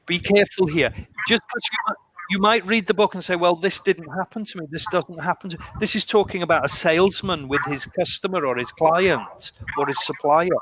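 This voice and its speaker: A man's voice: high-pitched, normal speed. A man, an English teacher, telling stories in a casual conversation and acting out the voices in his quotes. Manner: animated, acts out quotes with shifting voices. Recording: muffled lo-fi sound with faint noise.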